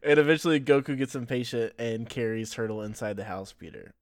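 A man's voice: mid-range voice, brisk, no room sound, studio quality. A man hosting a podcast, casually recapping episodes and laughing often as he tells the story. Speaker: podcast host.

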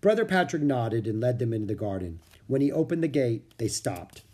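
Male narrator, children's book, husky, animated delivery. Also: medium pitch, brisk.

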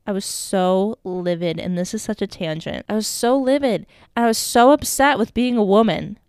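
A woman's voice: mid-range voice, normal speed, darkish tone, clear, resonant tone, no room sound, studio quality. A young adult woman hosting a casual solo podcast, talking candidly and rambling, with frequent swearing and many fillers. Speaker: podcast host.

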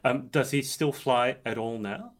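A man's voice: medium pitch, measured pace. A man hosting a live interview, asking curious, earnest questions with some hesitations and restarts. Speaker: interview host. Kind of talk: casual interview.

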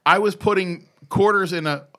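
A man in his fifties tells a story in a casual podcast chat, excitable and full of swearing. His voice sits a little high and comes across bright and forceful. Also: normal speed. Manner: excitable, profane, animated storyteller. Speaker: former BMX rider telling a story.

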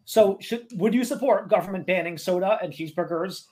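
A man's voice: high-pitched, fairly quick, darkish tone. Argumentative man making points on a podcast. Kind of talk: casual podcast panel talk.

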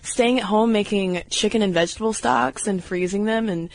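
A woman co-hosting a podcast in casual chat, wry and quick to laugh, a little hoarse from a cold. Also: medium pitch. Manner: chatty, wry, laughs easily. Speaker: podcast co-host.

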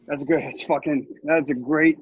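A man co-hosting a podcast in casual, excitable chat, swearing often and laughing a lot. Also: on the high side, unhurried, breathy edge, no echo, highs cut off. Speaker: podcast co-host.

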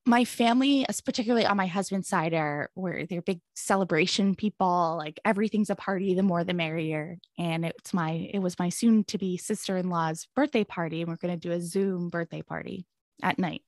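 A woman's voice: lowish voice, fairly quick, dry recording, studio quality. A woman in her thirties, a podcast guest, telling a candid personal story in an earnest, rambling way, often breaking into nervous laughter.

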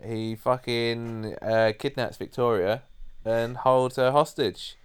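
A man's voice: medium pitch, fairly even intonation, takes it slowly, clean tone. A man co-hosting a podcast, talking through a film in a laid-back way, laughing often and swearing freely. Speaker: podcast co-host. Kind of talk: casual film-review chat.

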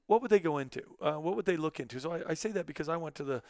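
A man's voice: fairly high pitch, animated, racing, a little mellow, no echo, studio quality. A middle-aged man hosting a podcast in casual chat, talkative and openly emotional, with lots of fillers. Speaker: podcast host.

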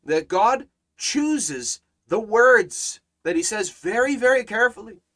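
High-voiced man preaching with emphatic repetition. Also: expressive, takes it slowly, a bit bright. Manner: emphatic, repeats phrases with rising and falling force. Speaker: Bible teacher. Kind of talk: preaching Bible study.

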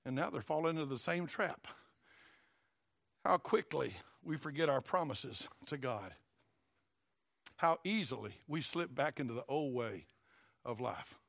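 A man with a Tennessee accent preaching a sermon in a folksy, emphatic way, dropping low for asides and rising to shouts. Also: lively intonation, unhurried, gravelly, long pauses, no room sound, clean studio sound. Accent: Southern US, Tennessee.

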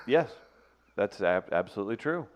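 A man's voice: lowish voice, expressive, normal speed. A man hosting a live radio show, joking around in casual banter with his co-hosts. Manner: joking, laughs often, playful.

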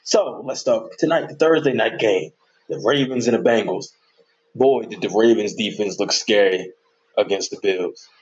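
A man's voice: on the low side, moderate pace, muffled recording. A man hosting his own sports podcast, chatting casually and animatedly as he jokes through his predictions and picks.

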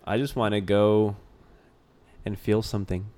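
A man co-hosting a casual podcast, speaking in relaxed, slangy banter. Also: fairly low pitch, a little slow. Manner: laid-back slangy banter. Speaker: podcast co-host.

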